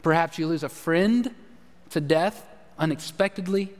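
A high-pitched male pastor delivers a live sermon in a relaxed, conversational way. He keeps asking the congregation questions and slips into quick acted-out lines from daily life. His voice rings with the long reverb of a church hall.

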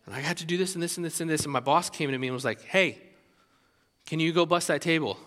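High, bright-voiced man preaching. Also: fast talker, big-room sound. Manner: animated, conversational preaching with restarts. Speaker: pastor. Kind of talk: sermon.

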